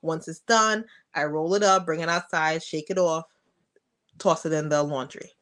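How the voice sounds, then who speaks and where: A woman's voice: fairly even intonation, normal speed, fairly bright tone. A woman on a podcast talking frankly about being a mother of a toddler, acting out her talks with her daughter in a raised voice. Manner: frank, acts out dialogue with her daughter in a high voice. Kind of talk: casual interview storytelling.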